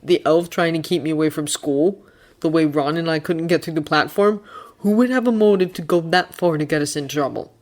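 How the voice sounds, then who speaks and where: A woman's voice: deep voice, brisk, darkish tone, natural voice. A woman reading a stubborn schoolboy wizard. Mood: determined. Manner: earnest, determined. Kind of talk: fan audiobook character voice.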